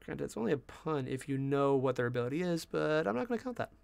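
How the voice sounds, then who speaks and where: A man with a slightly high voice chats casually while painting miniatures, muttering about small mistakes and laughing at himself. The sound is dry and close, with no room echo. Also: fast, vocal fry, clear, resonant tone. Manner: relaxed, self-deprecating, talks to himself while painting. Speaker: miniature painting channel host.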